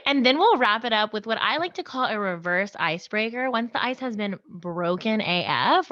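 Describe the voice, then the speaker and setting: A young woman from Birmingham co-hosting a podcast, talking in an animated, rambling way and laughing often. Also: on the high side, dry recording, muffled recording. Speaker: podcast co-host. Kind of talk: casual chat.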